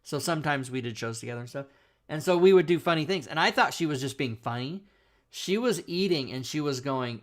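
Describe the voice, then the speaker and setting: A man hosting a talk show and telling crude, rambling stories with lots of laughing. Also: mid-range voice. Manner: crude storytelling, laughs often. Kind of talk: casual chat.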